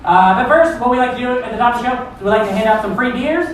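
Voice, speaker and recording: A man's voice: extremely high pitch, animated, quick pace, a little hiss or hum. A man from Iowa hosting a stand-up show, doing rambling, profane, self-deprecating crowd work. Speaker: comedy show host. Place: comedy club. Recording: echoey room from far off.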